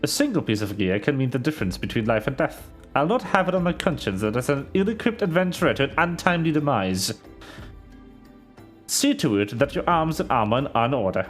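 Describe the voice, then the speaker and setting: A man voicing a stern, grave male sellsword captain in a game, reading in a measured, formal way with a few slips. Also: medium pitch, big pitch swings, faint music behind, pitched below the performer's own voice, close to an everyday voice. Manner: measured, formal, slightly halting read.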